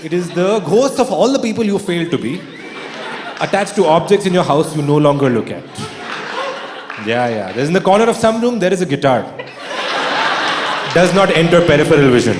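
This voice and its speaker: A man performing stand-up on a theatre stage, his voice sitting fairly high and swinging widely in pitch. His delivery is dry and deadpan, broken by sudden loud outbursts, and the sound rings through a roomy hall with audience noise clearly underneath. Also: a little fast, pauses often, crowd noise. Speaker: stand-up comedian. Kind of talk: stand-up comedy set. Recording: echoey live hall with audience. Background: audience laughter.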